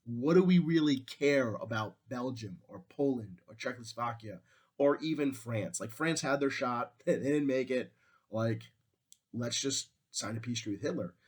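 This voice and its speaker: A man's voice: mid-range voice, moderate pace, slightly rough, lightly acted. A man voicing a dismissive male politician who urges surrender, in a flippant, scoffing manner.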